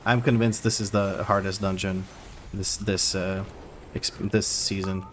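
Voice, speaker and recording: A man's voice: deep voice, level tone, a little slow, slight background noise. A man streaming a game, giving running play-by-play with wry asides to his chat. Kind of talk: live gameplay commentary.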